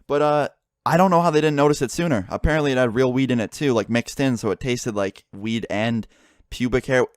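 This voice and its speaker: A man's voice: mid-range voice, a little fast, clear, resonant tone, no room sound, studio quality. A young man casually telling a story, swearing often and acting out what his friends said. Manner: swearing, animated retelling with quoted dialogue.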